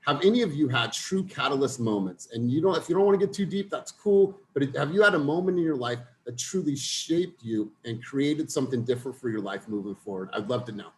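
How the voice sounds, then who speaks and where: A man's voice: mid-range voice, lively intonation, a little fast, few pauses, slight background noise. A young man leading a group coaching call, telling a personal story in an earnest way and speaking directly to the group.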